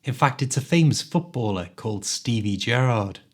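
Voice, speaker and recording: A man with a mild Liverpool Scouse accent, hosting an accent quiz in a clear, teacherly way. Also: mid-range voice, lively intonation, normal speed. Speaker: podcast host, English teacher. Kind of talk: quiz host, scripted podcast.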